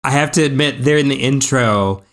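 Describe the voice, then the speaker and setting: Podcast co-host, man, mid-pitched, animated chatty storyteller. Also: a little fast. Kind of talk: casual podcast chat.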